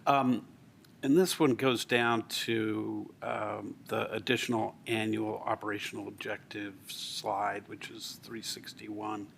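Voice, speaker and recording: A man on a city council, his voice low and gravelly, asks questions slowly and haltingly, stopping often for ums and restarts. A faint low rumble sits under the recording of the meeting room. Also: little pitch movement, fairly bright tone. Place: council chamber.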